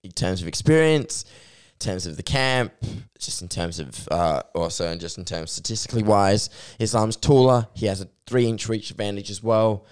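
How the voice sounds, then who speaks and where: A man with a low, smooth, resonant voice chatting about fight sports. He talks eagerly and piles phrase on phrase as he builds his case. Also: moderate pace. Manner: enthusiastic, stacks phrases with like and just. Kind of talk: casual sports chat.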